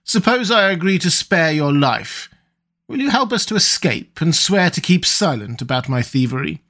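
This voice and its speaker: A man voicing a sharp-tongued noble thief. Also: expressive, normal speed. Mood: urgent. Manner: heated, accusing, higher than the narration. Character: scheming young male nobleman thief, quick-tongued. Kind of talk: audiobook character reading.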